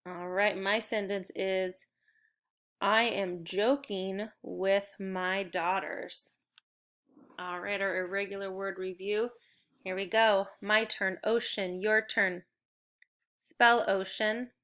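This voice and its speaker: Woman teacher doing a slow clear phonics lesson for little kids, bright crisp voice, computer mic. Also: medium pitch, little pitch movement. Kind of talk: recorded phonics lesson for young children.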